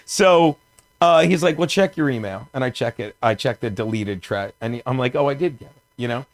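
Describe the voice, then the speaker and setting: A comedian guest in his fifties from South Jersey tells a rambling story on a podcast, laughing as he goes. His voice is medium in pitch and fairly quick.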